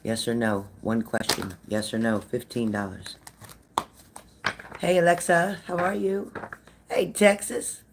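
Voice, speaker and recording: A woman's voice: rumbling low, unhurried, long pauses, background noise. An older woman, a psychic medium, chatting casually with viewers on a live stream, greeting them by name and repeating herself.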